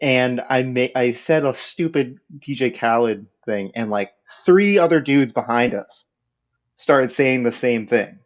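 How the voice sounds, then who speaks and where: A man's voice: mid-range voice, animated, measured pace. A man with a mid-range voice chats candidly as a podcast co-host. His talk is casual and reflective. The recording sounds a little dull and lo-fi. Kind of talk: casual chat.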